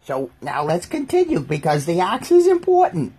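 A woman's voice: on the low side, wildly swooping pitch, normal speed, mellow, breathy edge. A woman casually reading scripture aloud on a livestream, breaking off to joke and riff on the text to her chat. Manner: jokey, reads aloud then riffs and mocks the text.

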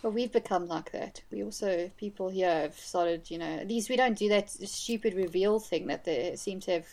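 A woman's voice: medium pitch, moderate pace, vocal fry, darkish tone. A woman co-hosting a podcast, talking casually and laughing about a film, swearing and apologizing. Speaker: podcast co-host.

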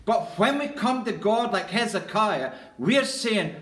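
This pastor's high, slightly bright voice is animated and measured, with few pauses, as he preaches in an echoey church. He repeats key phrases for weight in an earnest, emphatic delivery.

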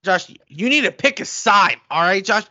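A man co-hosting a casual sports podcast, excitable and quick to get heated as he rants. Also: sits high, no echo, dull audio. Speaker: podcast co-host.

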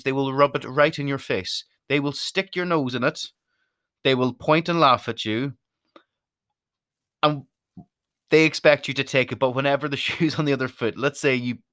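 A man's voice: medium pitch, a bit bright, no echo, studio quality. A chatty, self-deprecating Irish man rambling through his opinions in a casual monologue. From Ireland.

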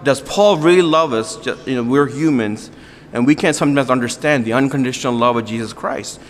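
A man's voice: on the high side, fairly bright tone, in a large hall, a little hiss or hum. A man preaching a sermon as pastor, earnest and conversational, with joking asides to his congregation.

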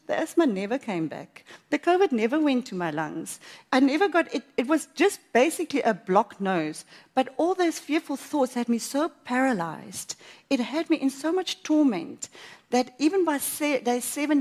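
A woman giving a personal faith testimony at church, telling her story in a lively way and acting out what she thought at the time. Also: high voice. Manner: animated storytelling, acts out her own past thoughts, laughs often.

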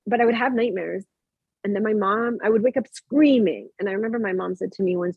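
Husky woman over a tinny line. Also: medium pitch, quick pace, no room sound. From Mexican heritage, living in Canada. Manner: rambling, many fillers and restarts, animated quoting. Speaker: guest sharing personal spiritual experiences. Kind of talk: casual conversational storytelling. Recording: dry, tinny phone-like sound.

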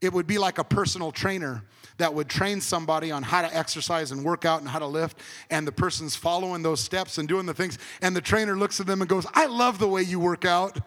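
A man preaching a conversational sermon as pastor, swinging between emphatic and hushed. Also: on the high side, steady tone, fast, big-room sound.

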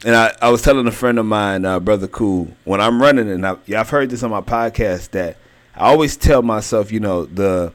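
A young adult man preaching a sermon, emphatic and repetitive, drawing key phrases out slowly. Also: lowish voice.

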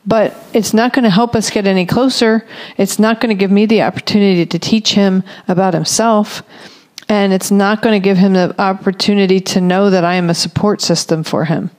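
A woman in her forties giving a reflective talk on parenting, speaking slowly and deliberately and repeating phrases for emphasis. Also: mid-range voice, steady tone, a little mellow.

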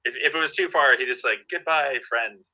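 A man's voice: medium pitch, quick pace, background noise. A man chatting casually as a guest, telling stories with lots of fillers and restarts. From Southern California. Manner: enthusiastic storyteller, many fillers and restarts. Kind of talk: casual chat.

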